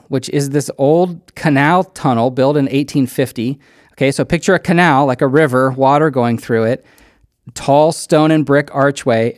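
A man preaching a sermon, telling a personal story with animated delivery and acting out quoted lines. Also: medium pitch, no echo, clean studio sound. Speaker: pastor.

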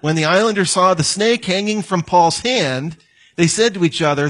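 A man preaching to his congregation in a slightly raised voice. He tells stories and acts out the people in them. He talks in the relaxed, conversational way of a pastor. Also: high-pitched, moderate pace. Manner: storytelling, acts out quoted voices. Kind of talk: sermon.

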